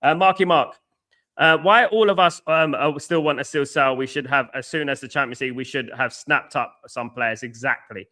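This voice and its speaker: A man's voice: mid-range voice, moderate pace, sharp tone. A middle-aged man hosting a live football watchalong, reading out viewers' chat messages and arguing back bluntly. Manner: blunt, argumentative, reads out and scolds chat viewers. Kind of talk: live match reaction and chat banter.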